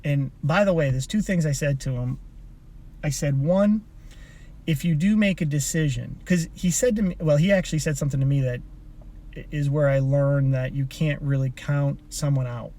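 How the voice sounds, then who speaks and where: Male personal development coach, casual motivational storyteller, rambling with restarts, slightly high and warm-toned. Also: moderate pace. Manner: rambling, with frequent restarts and asides. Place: inside a car.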